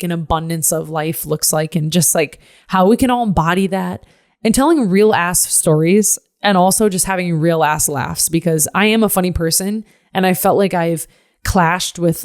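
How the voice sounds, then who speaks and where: A young woman hosting her own podcast, talking candidly and emotionally from an office chair at home, swearing freely and breaking into sudden high exclamations. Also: darkish tone, clean tone, dry recording, studio quality. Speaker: podcast host. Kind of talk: candid solo podcast monologue.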